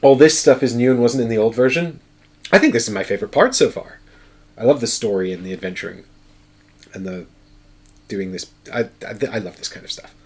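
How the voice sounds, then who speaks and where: A man's voice: medium pitch, a little fast, pauses often, a little mellow, husky. Man, game show host, casual playthrough, thinks aloud, mid-range voice. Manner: chatty, thinks aloud, counts moves.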